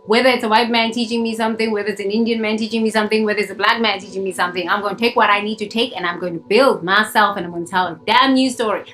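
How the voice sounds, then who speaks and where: A woman's voice: medium pitch, fairly even intonation, very fast, hardly any pauses, fairly bright tone, rough recording. A woman from Africa, a spiritual coach preaching bluntly and emphatically to her phone camera outdoors in the sun, repeating herself for effect. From South Africa. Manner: emphatic, blunt and fiery, with swearing and repetition. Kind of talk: preachy self-help monologue to camera.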